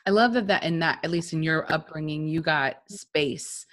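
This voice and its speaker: A woman's voice: low-pitched, normal speed, fairly bright tone. A woman hosting a casual podcast interview, encouraging and reflective. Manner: encouraging, reflective, brief reactions. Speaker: host.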